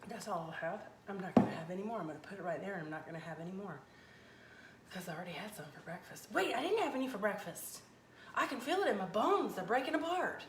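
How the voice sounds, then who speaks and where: A folksy woman chats away as she cooks live in her home kitchen and answers viewers. Her voice sits at an ordinary middle pitch. The kitchen rings with echo, with a faint hum of noise behind her. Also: fast. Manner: chatty, folksy, animated. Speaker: cooking livestream host. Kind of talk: casual live cooking chat, reading viewer comments.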